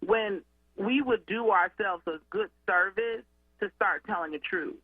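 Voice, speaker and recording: A woman educator and student advocate, a guest calling in to a radio show, explaining in an animated, conversational way. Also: medium pitch, a little slow, breathy edge, no echo. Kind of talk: radio call-in interview. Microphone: phone line. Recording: tinny phone line.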